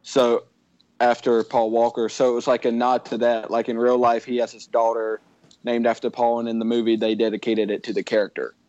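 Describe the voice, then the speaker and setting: A man's voice: mid-range voice, level tone, fairly quick, a little mellow, highs cut off. A man in casual movie review chat, explaining his point with hesitant fillers.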